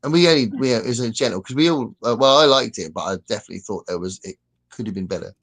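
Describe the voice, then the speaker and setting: A man's voice: mid-range voice, racing, a bit bright. A man co-hosting a podcast in casual chat, laughing often and reading chat comments aloud.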